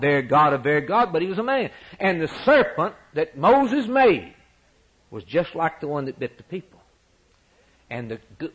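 Husky, impassioned preaching man. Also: poor audio. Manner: impassioned, swinging from loud high peaks to low quiet lines. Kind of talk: sermon.

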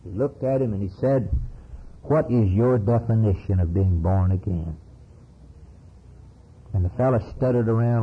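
A man preaching a sermon with fervent, rhythmic delivery and sweeping rises and falls in pitch. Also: normal speed, pauses often, husky. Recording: dull lo-fi sermon recording.

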